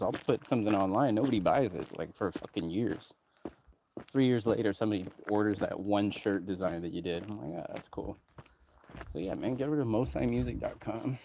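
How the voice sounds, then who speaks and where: A man's voice: on the low side, a little mellow, slight background noise. A man who runs a music production company, talking in a loose, rambling way, drifting between topics and swearing freely. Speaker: music producer and label owner. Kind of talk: rambling casual talk, heavy swearing.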